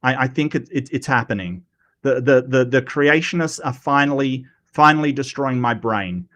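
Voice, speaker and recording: A man hosting a casual livestream, animated and self-mocking, often stumbling over his words. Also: mid-range voice, normal speed. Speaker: host.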